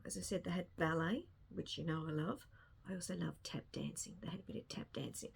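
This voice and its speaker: A woman's voice: mid-range voice, vocal fry. A woman chatting casually and enthusiastically about a show she saw, rambling a little with frequent restarts. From not American. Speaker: film review vlogger. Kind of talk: casual spoken review.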